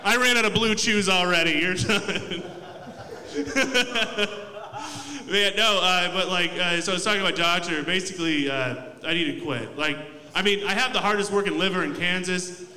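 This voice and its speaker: A man's voice: sits high, fairly quick, bright, forceful tone. A young man doing a loose, profane, self-mocking stand-up set in a comedy club. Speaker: stand-up comic. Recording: echoey club room mic.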